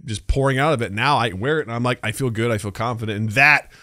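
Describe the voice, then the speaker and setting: A man in his thirties co-hosts a podcast, chatting casually and telling stories with lots of energy while acting out the people he quotes. His voice is medium-pitched and he talks fast. The recording is dry, with clean studio sound.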